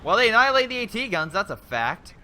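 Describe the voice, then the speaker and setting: A young man giving casual commentary over a strategy game replay, excitable and rambling, breaking off into exclamations. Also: sits high, quick pace, slight background noise.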